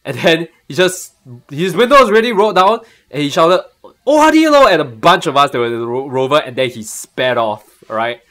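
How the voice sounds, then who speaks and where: A young man with a Singaporean English accent, chatting casually and excitably on a live stream and laughing often. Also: fairly high pitch, fairly quick, hardly any pauses.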